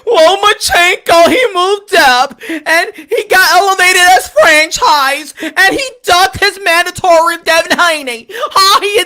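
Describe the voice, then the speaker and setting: A man's voice: very high voice, bright, forceful tone, voice pushed up, full character voice. A man imitating a whiny, sobbing boxing fan, wailing in a melodramatic mock cry. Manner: wailing, melodramatic crying mockery.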